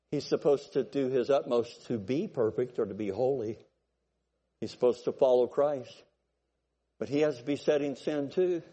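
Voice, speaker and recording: A pastor in his sixties preaching a sermon, exhorting and building to forceful peaks. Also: medium pitch.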